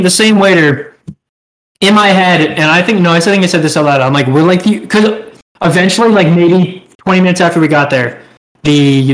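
A young man co-hosting a podcast tells a rambling, profane story in casual chat, laughing as he goes. His voice sits high, and the recording quality is low.

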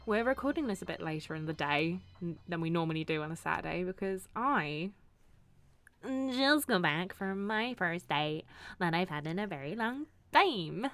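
A woman's voice: on the low side, moderate pace, no echo. A woman co-hosting a podcast, chatting casually and giggling often. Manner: giggly, bubbly and expressive. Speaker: podcast co-host. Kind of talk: casual chat.

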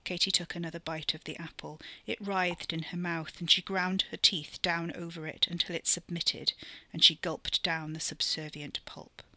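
A woman narrates a dark story in a steady, expressive read, her voice sitting a little low yet sounding bright and forward. The recording is dry and close, with no room around it. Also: moderate pace, hardly any pauses, dry recording. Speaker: podcast narrator.

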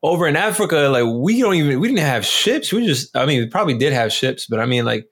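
Brief: slangy man, podcast co-host, lively pitch, slightly high voice. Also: fast talker, husky. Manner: animated storyteller, slangy, acts out bits. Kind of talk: casual chat.

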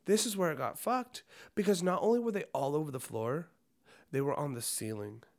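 A young man co-hosting a casual podcast, telling a story at a fairly high pitch for a man. He curses freely and loses his thread often. His sentences are packed with "like" fillers. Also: animated, brisk, vocal fry, darkish tone. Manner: profane, rambling, full of "like" fillers. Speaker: podcast co-host.

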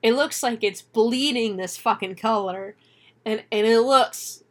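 A woman's voice: on the high side, unhurried. A young woman co-hosting a casual movie review chat, swearing freely, laughing often and acting out the characters. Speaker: podcast co-host.

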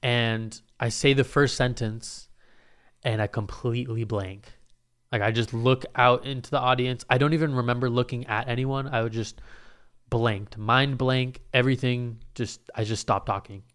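A young man casually telling a story in a rambling, profane, animated way, full of restarts. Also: medium pitch, moderate pace, clear, resonant tone.

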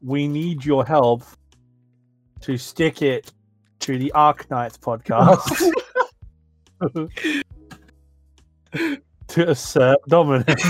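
A man's voice: a little high, drawn-out words, long pauses, dry recording, faint music behind. Giggly young man on a podcast. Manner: laughing, joking, puts on regional voices. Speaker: podcast co-host. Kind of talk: casual chat.

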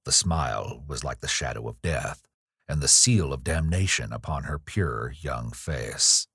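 Deep-voiced man narrating a ghost story. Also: animated, pushed and bright, husky, dry recording, clean studio sound. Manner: measured, grave storytelling. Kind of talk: audiobook reading of a ghost story.

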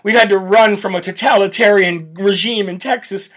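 A man's voice: sits high, fairly even intonation, moderate pace, fairly bright tone. A man putting on the voice of a whiny, panicked lawmaker on the run, in a mocking, pleading tone. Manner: mocking, whining plea.

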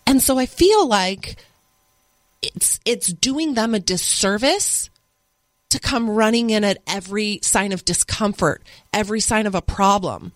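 This podcast guest is a woman with a medium-pitched, expressive voice who takes her time. With no echo in the audio, she earnestly relates personal stories of life with her kids as a single mother.

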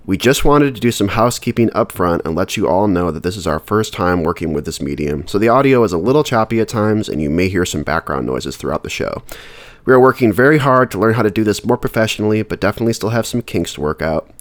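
A man's voice: fairly low pitch, lively intonation, fast, no echo. A man giving a friendly, upbeat podcast intro as a cast member and editor.

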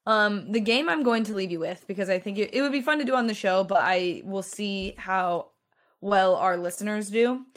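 A woman co-hosting a casual podcast, talking in a brisk, teasing way as she runs a quiz game. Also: medium pitch. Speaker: podcast co-host. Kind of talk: casual chat.

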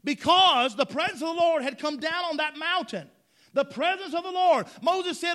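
A man's voice: very high voice, expressive, moderate pace, pushed and bright. A man preaching a sermon in church, emphatic, repeating phrases and asking the congregation if they follow.

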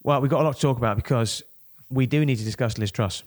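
A man co-hosts a casual political podcast and talks in an animated, indignant way. He often repeats words before getting his point out. His voice sits in a middle pitch for a man. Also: fast. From Northern England. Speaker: podcast co-host.

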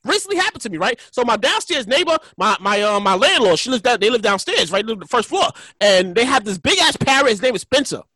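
A man telling stories in a casual chat, animated and profane, often repeating himself. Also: extremely high pitch, quick pace, hardly any pauses, no room sound, studio quality.

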